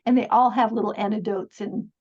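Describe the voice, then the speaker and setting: A woman's voice: a little high, steady tone, a little fast, a little mellow. A middle-aged woman telling stories as a podcast guest in an earnest, chatty way, often laughing and restarting her sentences. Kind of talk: casual storytelling interview. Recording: dull lo-fi sound.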